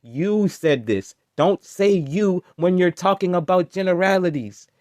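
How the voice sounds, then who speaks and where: A man's voice: sits high, a little slow, a little mellow, no room sound. A man hosting a reaction video, heckling and ranting in a casual, exasperated way.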